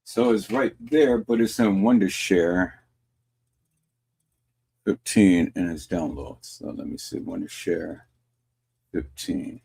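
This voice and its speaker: Slow, husky man talking viewers through. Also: low voice, darkish tone. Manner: unhurried, thinking aloud, addressing viewers. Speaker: YouTube commentator. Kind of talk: casual commentary.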